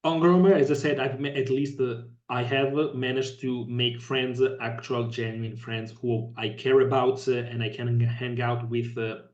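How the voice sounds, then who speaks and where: A man with an Italian accent, a podcast guest talking casually and thoughtfully, pausing often to find his words. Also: mid-range voice, flat delivery. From Italy. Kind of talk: casual conversation. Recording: echoey, distant, dull remote audio.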